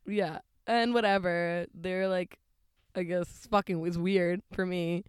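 A young woman in casual chat, telling an animated story full of swearing and quoted voices. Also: on the low side, takes it slowly, clean tone, no room sound, studio quality.

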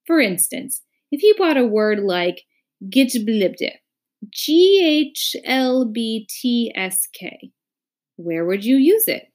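A woman's voice: a little high, big pitch swings, slow, a little mellow, pitched above the performer's own voice. A woman reading aloud plays a know-it-all male count who lectures with emphasis. His storybook voice is raised and insistent. Each point is pressed firmly. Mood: lecturing.

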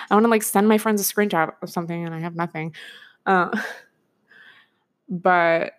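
A woman's voice: fairly low pitch, fairly even intonation, measured pace. A young woman in her twenties hosting a solo podcast, talking casually and rambling with lots of filler words and frequent laughs. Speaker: podcast host.

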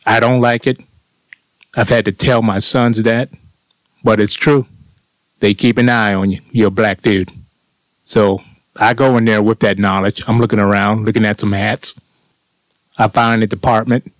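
A middle-aged man telling a personal story in a casual, animated way, swearing often and sounding indignant. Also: on the low side, moderate pace, pauses often, no echo. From United States.

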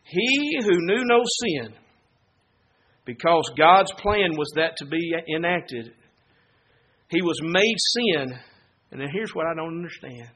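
A man preaching a sermon, moving from quiet Bible teaching to loud, fervent exhortation. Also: a little high, lively intonation, slow pace, long pauses, slight background noise.

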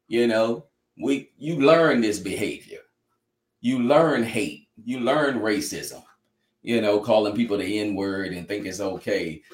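A man speaking earnestly in an interview, heartfelt and preacher-like, with many "you know" fillers. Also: fairly low pitch. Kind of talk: earnest conversational testimony. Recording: echoey room.

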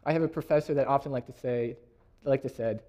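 Young man preaching a lively sermon. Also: medium pitch, fast talker. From Canada. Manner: lively, laughing often, reading scripture aloud.

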